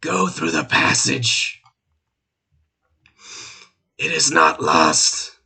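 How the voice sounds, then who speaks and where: A man voicing the spirit of a dead dark lord who gives urgent commands from inside the heroes' heads. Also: very deep voice, sing-song, extremely slow, slightly rough, pitched below the performer's own voice, exaggerated voice. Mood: urgent commanding.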